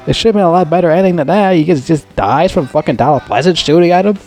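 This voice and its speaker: A man's voice: fairly high pitch, expressive, fast talker, hardly any pauses, darkish tone, soft background music. Profane, rambling male movie reviewer. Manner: profane, rambling, exasperated complaining. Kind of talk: casual ranting movie review.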